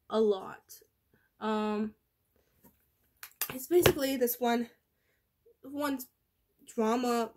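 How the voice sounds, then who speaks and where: A woman's voice: a little high, a little mellow. Teen girl rambling with a sick voice. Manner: rambling, restarts, lots of fillers. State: sick with covid, voice worn. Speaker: vlogger. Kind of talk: rambling casual vlog chat.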